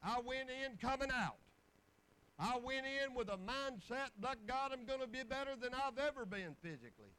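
A man's voice: very high-pitched, lively intonation, normal speed, pushed and bright, smooth, rough recording. A man, preaching in a folksy storytelling way with bursts of exclamation. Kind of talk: sermon testimony.

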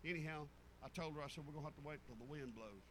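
A man's voice: fairly high pitch, very fast, noisy background. An older man, preaching a sermon through a rambling, down-home family story full of restarts.

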